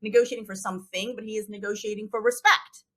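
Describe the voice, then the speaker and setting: A woman hosts an interview in a conversational way, and her voice is bright and clear. She explains her points with animation and slips into short acted-out quotes to make them land. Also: medium pitch, steady tone, fast talker. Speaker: podcast host, mediator.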